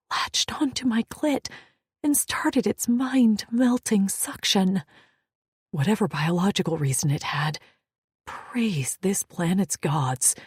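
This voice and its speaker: Breathy woman whispering an audiobook. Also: fairly low pitch, no echo, clean studio sound. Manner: intimate, hushed. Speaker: audiobook narrator.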